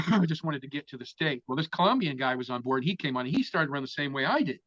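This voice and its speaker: A man's voice: fairly high pitch, expressive, fast, fairly bright tone, dry recording. A man telling a story as an interview guest, casual and full of swearing. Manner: profane, vivid storyteller. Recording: dull, dry lo-fi sound.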